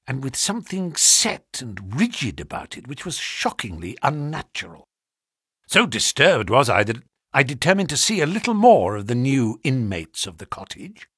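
Husky man, very dramatic storytelling voice. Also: no echo, studio quality. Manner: highly expressive, dramatic storytelling. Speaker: narrator. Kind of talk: audiobook reading of a classic story.

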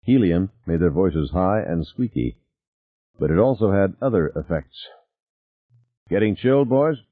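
Deep husky guy reading an audiobook, lively delivery, tinny phone-like sound. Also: normal speed, no room sound. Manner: varied, expressive reading. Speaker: narrator. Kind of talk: audiobook narration.

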